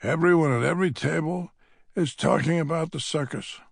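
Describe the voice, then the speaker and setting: A man's voice: fairly high pitch, normal speed, vocal fry, no echo, studio quality. A man narrating an audiobook in the first person, with a wry, grumbling manner.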